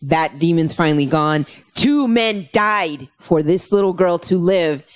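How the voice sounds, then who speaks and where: A woman comedian chatting casually on a podcast, telling stories in an animated, rambling way and swearing freely. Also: lowish voice, a little slow. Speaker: guest comedian.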